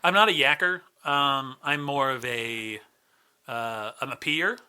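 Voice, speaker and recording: A man's voice: medium pitch, takes it slowly, sharp tone, clean tone. A man who is a stand-up comedian, a guest on a casual podcast, teasing and swearing loosely. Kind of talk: casual chat.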